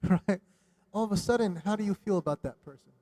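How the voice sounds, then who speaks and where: A man giving a religious lesson in a mosque, animated and questioning his audience, dropping Arabic religious phrases. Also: high voice, a little fast. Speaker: religious teacher. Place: mosque hall.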